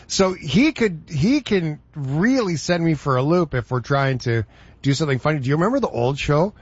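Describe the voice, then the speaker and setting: A male radio host in casual, playful banter, chatty and quick to laugh. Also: fairly high pitch, lively intonation, breathy edge, no echo, muffled recording.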